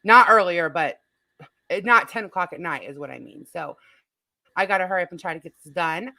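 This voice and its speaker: Bright-voiced woman hosting a live stream. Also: fairly low pitch, fairly quick, gravelly, dry recording. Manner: chatty, agreeable, wrapping up. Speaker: livestream host. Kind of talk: casual chat.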